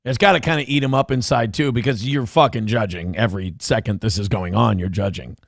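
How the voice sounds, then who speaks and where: A man's voice: fairly low pitch, fairly quick, vocal fry, heavy background noise. A man hosting a show, giving blunt, profane, sarcastic commentary over a video clip. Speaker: show host.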